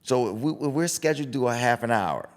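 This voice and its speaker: A middle-aged boxing coach chats on a casual podcast, blunt and animated, even acting out the voices of his own self-talk. He speaks fast in a mid-range voice.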